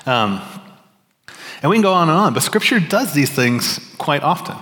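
A man's voice: a little high, very animated, moderate pace, fairly bright tone. A man preaching a sermon as pastor, in a casual, self-deprecating way with many fillers and restarts. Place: church sanctuary. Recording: reverberant hall.

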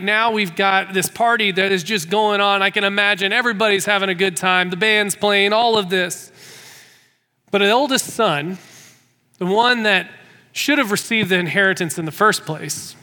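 A man's voice: high voice, steady tone, moderate pace, bright, forceful tone, long reverb tail. A man preaching a sermon, retelling a story with vivid scenes and frequent restarts. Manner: storytelling, repeats words when restarting.

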